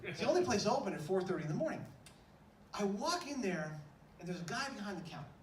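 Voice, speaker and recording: A man telling a comic story on stage in an animated, breathless, exclamatory way. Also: high voice, quick pace, slight background noise. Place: stage in a large room. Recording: echoey stage from far off, faint room ambience.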